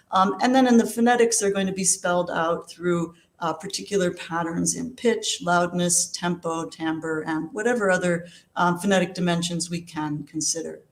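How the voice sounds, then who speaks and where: A lower-pitched woman giving a lecture in an echoey room. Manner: measured, explanatory, frequent um and uh. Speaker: linguistics lecturer. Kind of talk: academic lecture.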